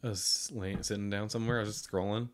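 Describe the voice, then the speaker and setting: Guy cohost rambling on, lowish voice, laughs a lot. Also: fairly even intonation, fast, crowd noise. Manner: rambling, laughs easily, emotional. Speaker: podcast co-host. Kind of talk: casual chat.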